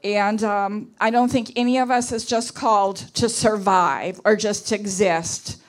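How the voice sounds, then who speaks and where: A woman's voice: medium pitch, fairly even intonation, measured pace. A woman, an intercessor, giving an earnest prayer talk at a church conference, restarting phrases and piling up words for emphasis.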